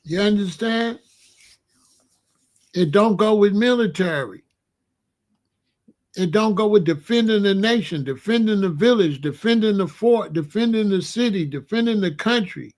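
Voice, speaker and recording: A man's voice: high voice, lively intonation, a little slow, pauses often. A middle-aged man, giving emphatic, repetitive monologue commentary. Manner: preachy, emphatic, repeats himself.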